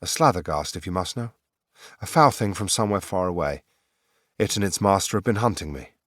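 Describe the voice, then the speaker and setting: A man voicing a stern, weary warrior empress in an audiobook, low and curt. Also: expressive, fairly quick, fairly bright tone, dry recording, clean studio sound. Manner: curt, commanding.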